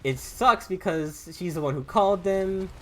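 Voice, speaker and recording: A man's voice: high voice, normal speed, bright, forceful tone. A young man with a Southern US accent, rambling and stammering through restarts as he comments while gaming. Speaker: gaming YouTuber. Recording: faint game music behind.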